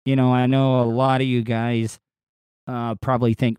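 A man hosting his own podcast in a casual solo monologue, with a distinctive voice that is not deep, talking in a rambling, crude, candid way with frequent restarts. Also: fairly even intonation, normal speed, a little mellow, clear, resonant tone, no echo. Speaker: podcast host and radio personality.

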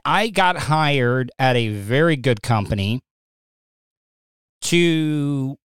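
Clear-voiced man rambling on a live stream. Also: mid-range voice, no echo. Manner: rambling, stammering restarts, gets agitated. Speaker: live stream podcast host. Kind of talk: casual live-stream chat. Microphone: streaming setup mic.

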